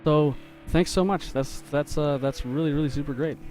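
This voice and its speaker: A man telling a story in a relaxed, chatty way, laughing often as he draws live on a stream for his viewers. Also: fairly high pitch, moderate pace, faint music behind. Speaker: game developer and artist streaming live. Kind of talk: casual storytelling while drawing on a live stream.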